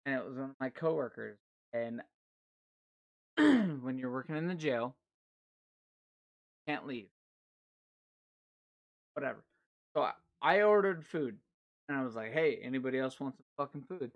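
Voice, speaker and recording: A man's voice: medium pitch, lively intonation, a little slow, long pauses, lo-fi sound. A young man co-hosting a casual podcast, telling a story with lots of swearing. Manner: swears a lot, tells stories animatedly. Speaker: podcast co-host. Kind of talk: casual chat.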